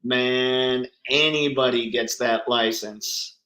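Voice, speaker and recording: A man's voice: medium pitch, steady tone, takes it slowly, bright, forceful tone, echoey room, low-quality recording. A man hosting a casual livestream chat, talking enthusiastically and answering viewers by name. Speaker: livestream host.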